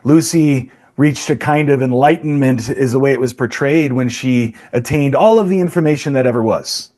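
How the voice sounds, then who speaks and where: A man's voice: mid-range voice, moderate pace, darkish tone. A man hosting a podcast, reflectively thinking aloud in a philosophical discussion and posing rhetorical questions. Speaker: podcast host.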